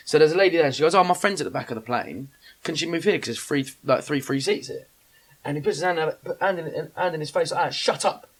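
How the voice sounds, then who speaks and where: A young man telling a funny travel story on a podcast, animated and swearing freely as he acts out what people said. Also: on the high side, fast talker.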